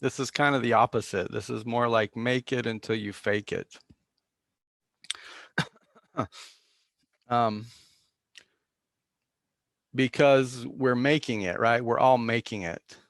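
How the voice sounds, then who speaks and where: Slow, gravelly-voiced Zen teacher. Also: male voice, mid-range voice, fairly even intonation, fairly bright tone, no room sound, studio quality. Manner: halting, with many fillers and restarts; self-deprecating and reflective. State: coughing now and then. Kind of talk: dharma talk.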